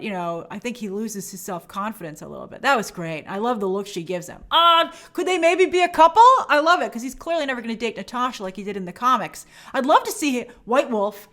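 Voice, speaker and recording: A woman's voice: on the high side, a bit bright. A woman hosting a review show, giving a chatty and enthusiastic breakdown of a TV episode and sometimes acting out the characters' lines. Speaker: film and TV review show host. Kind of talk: casual episode breakdown commentary.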